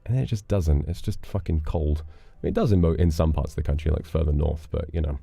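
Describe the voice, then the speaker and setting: A man's voice: very deep voice, fast, creaky, husky, no room sound, soft background music. A man hosting a livestream, chatting casually and playfully with viewers and thanking them for donations. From United Kingdom. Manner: relaxed, playful, chatty with dramatic flourishes. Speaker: livestream host reading donations. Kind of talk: casual chat.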